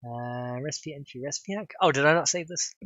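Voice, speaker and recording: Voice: mid-range voice, fairly quick, fairly bright tone, dry recording, dull audio. A streamer, chatting casually while coding a game mod, giggly and rambling and swearing freely.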